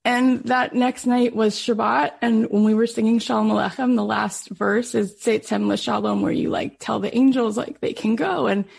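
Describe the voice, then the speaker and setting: A woman's voice: a little high, steady tone, normal speed, creaky, hardly any pauses, darkish tone, husky. A middle-aged woman podcast host telling an emotional personal story in an earnest, heartfelt way, full of casual fillers.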